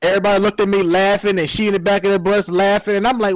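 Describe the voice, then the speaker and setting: High-voiced young man telling a story. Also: rapid-fire, a crowd in the background, rough recording. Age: 20s. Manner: animated, swearing, slangy. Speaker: co-host. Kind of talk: casual storytelling. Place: Second Life voice chat.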